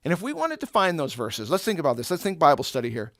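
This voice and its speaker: A man leads a Bible lesson for students in a relaxed, conversational way. He asks the class rhetorical questions and explains ideas with everyday examples. His voice sits a little high, and the recording is close and dry with no room sound. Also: fast, no room sound. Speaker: Bible teacher.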